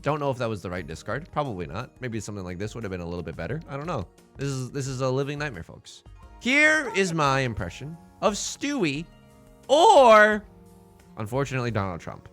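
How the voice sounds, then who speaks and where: A man giving casual live-stream commentary on a game, animated, playful and self-mocking. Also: medium pitch, fast talker, soft background music.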